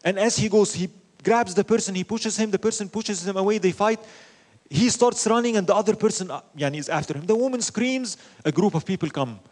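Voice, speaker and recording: A man speaks a little fast in a high voice, teaching an Islamic lecture as a religious teacher. He narrates stories with animation, asks rhetorical questions, and mixes in Arabic phrases.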